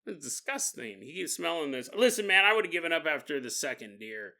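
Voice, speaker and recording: A man's voice: fairly high pitch, big pitch swings, fast talker, gravelly, bright, forceful tone. A male podcast host telling a story in a casual, jokey way, often laughing and adding gross-out asides.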